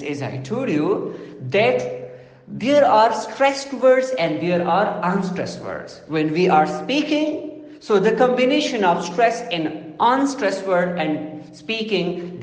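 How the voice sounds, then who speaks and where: Slow, animated male lecturer in echoey room. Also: high-pitched. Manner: slow, deliberate, repetitive phrasing with lists. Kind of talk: classroom lecture on phonology. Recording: echoey room with long reverb.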